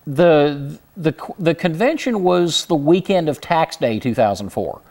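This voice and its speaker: A man with a slight Southern twang talks as a guest, with a gravelly edge to his voice. His pitch sits a bit high and moves a lot as he tells his stories. He keeps restarting sentences and chuckling to himself. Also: expressive, a little slow, a little mellow. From Houston, Texas. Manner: chatty storyteller, frequent restarts, chuckling asides. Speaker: interview guest. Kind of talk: casual interview chat.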